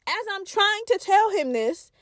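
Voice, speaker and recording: Young woman podcaster, high voice, cussing and animated telling a story, dry close mic. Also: a little slow, no echo. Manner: profane, animated, talks straight to listeners. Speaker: podcast host. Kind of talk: casual storytelling.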